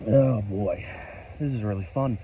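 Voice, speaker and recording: A tired man in casual, rambling vlog commentary, excitable and talking to himself while standing outside in a rainstorm. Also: fairly low pitch, a little slow, a little hiss or hum, poor audio. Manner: chatty, excitable, talks to himself, mild self-censored cursing. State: tired from staying up all night. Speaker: vlogger. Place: outdoors on a top step in a rainstorm. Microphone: handheld camera. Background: rain falling.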